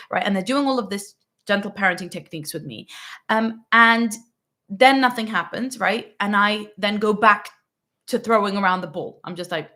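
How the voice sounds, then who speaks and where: A woman's voice: mid-range voice, lively intonation, normal speed, a bit bright. A woman hosting a parenting channel, answering a viewer's question in a casual, emphatic monologue that often checks in with "right?" and "okay". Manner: acts out quoted parents in little voices.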